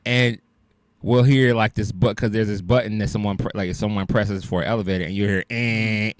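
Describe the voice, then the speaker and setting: A man's voice: fairly low pitch, steady tone, normal speed, no echo. A man co-hosting a podcast, chatting casually in a loose storytelling way and laughing often. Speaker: podcast co-host. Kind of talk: casual chat.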